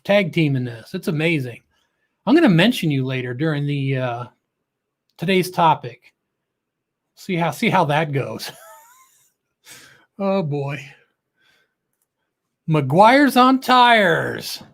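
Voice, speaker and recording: A middle-aged man hosting a casual livestream, chatty and goofy, greeting viewers by name with a lift in his voice. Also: a little high. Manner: joking and goofy. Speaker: livestream host.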